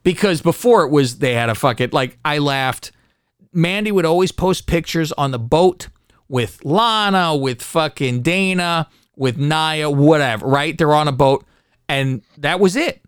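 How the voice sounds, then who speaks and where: A man co-hosting a podcast, recapping wrestling in casual, profane, animated chat. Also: a little high, measured pace, smooth, no room sound, studio quality. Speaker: podcast co-host.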